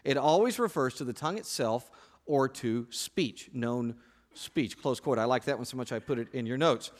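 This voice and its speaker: A male pastor preaching a sermon to his congregation from a church stage, joking and lively, often restarting his sentences. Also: mid-range voice, moderate pace.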